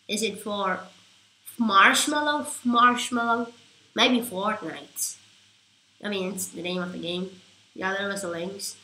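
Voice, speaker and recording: A woman chatting through live gameplay commentary, rambling and getting excitable at big moments. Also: medium pitch, roomy sound, poor audio. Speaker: gaming YouTuber.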